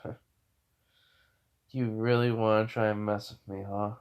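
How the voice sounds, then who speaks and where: A man voicing a calm, cold young male swordsman in a low, hushed, flat way while retelling a fan story. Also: measured pace, clear, resonant tone, lightly acted. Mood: taunting.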